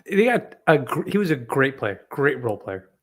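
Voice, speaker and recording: A man's voice: medium pitch, sing-song, normal speed. A man co-hosting a casual sports livestream, recalling things loosely and laughing often. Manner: laughing, loose conversational recollection. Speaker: podcast co-host.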